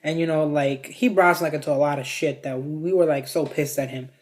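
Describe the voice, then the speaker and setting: A man's voice: a little high, steady tone, fairly quick. A young man from Mexico telling a casual storytime tale, rambling with constant fillers and heavy swearing. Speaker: vlogger.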